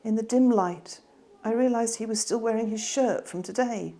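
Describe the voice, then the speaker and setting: A woman reading her children's novel aloud in a gentle, expressive way. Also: fairly high pitch, normal speed. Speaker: author reading her book.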